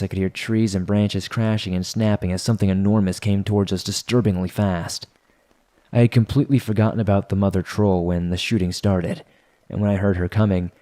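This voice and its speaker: A man with a low, dark, mellow voice narrates a first-person horror tale. His delivery is steady and measured, a practiced storyteller reading from a script.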